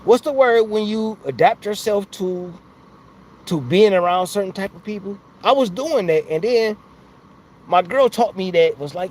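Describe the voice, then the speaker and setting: A man's voice: high voice, lively intonation, a little slow, a little mellow, slight background noise. A man hosting a casual live stream from outside his home, talking into a phone in a rambling, slangy way and laughing often. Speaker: livestream host.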